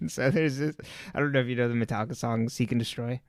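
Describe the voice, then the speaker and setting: A man's voice: mid-range voice, steady tone, a little fast, dry recording, clean studio sound. A man from Southern California co-hosting a podcast, recapping a TV episode in casual chat with rambling anecdotes and frequent laughter. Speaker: podcast co-host.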